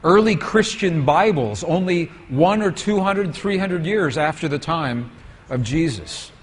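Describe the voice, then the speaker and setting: A man's voice: fairly high pitch, expressive, unhurried, slight background noise. A man giving a storytelling lecture with slides to an audience, asking them questions as he goes.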